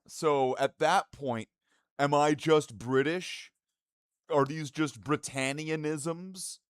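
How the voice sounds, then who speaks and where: A man's voice: medium pitch, lively intonation, slow pace, a bit bright, smooth, no echo, clean studio sound. A man streaming live and chatting casually with his viewers in profane, rambling, mock-indignant banter.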